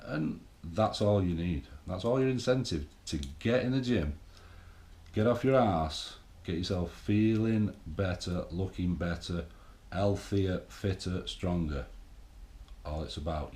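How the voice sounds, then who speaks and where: Man, middle-aged, blunt and sweary, rambling vlog monologue, lowish voice. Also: a little mellow. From England. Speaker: bodybuilding vlogger. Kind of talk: casual monologue to camera. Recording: echoey room.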